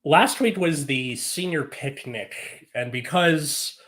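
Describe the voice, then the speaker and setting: A man in his thirties, a teacher, chatting on a podcast in a laid-back, halting way with trailing phrases. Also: fairly high pitch, fairly bright tone. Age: 30s. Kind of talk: casual podcast chat.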